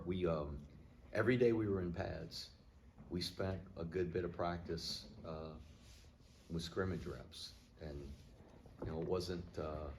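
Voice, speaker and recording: Middle-aged male coach at a media session, extremely low voice, plainspoken and measured, faint noise in the background. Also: vocal fry, darkish tone. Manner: plainspoken, measured, thinking aloud. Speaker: head football coach. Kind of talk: post-game media interview.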